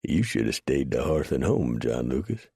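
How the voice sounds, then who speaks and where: Man voicing a wry mountain man, folksy drawl, dry humor, deep gravelly voice, husky. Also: big pitch swings, moderate pace, warm tone, no room sound, full character voice. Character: rough old mountain man, wry, unbothered.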